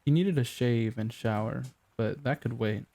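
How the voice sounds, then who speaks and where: A man reading a novel aloud as an audiobook narrator, in a measured, even delivery. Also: medium pitch. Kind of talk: scripted narration.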